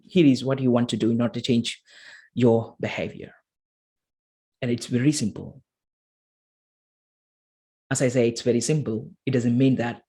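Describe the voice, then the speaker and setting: Man, motivational talk, emphatic, repeats himself, soft slow guidance. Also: mid-range voice. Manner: repetitive, emphatic, slows to soft guiding tones. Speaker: motivational speaker. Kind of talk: motivational talk with a guided exercise.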